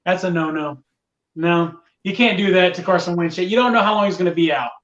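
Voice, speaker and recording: A man's voice: sits high, a little fast, fairly bright tone, distant mic, lo-fi sound. A man talking casually on a sports podcast, venting with exasperation about fickle fans. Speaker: podcast guest, Colts fan.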